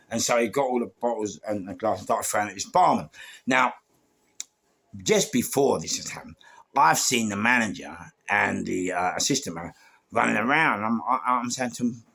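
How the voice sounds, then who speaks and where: Gravelly London man telling stories. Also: mid-range voice, moderate pace. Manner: rambling, many restarts and fillers, animated asides. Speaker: podcast guest storyteller. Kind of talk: casual storytelling.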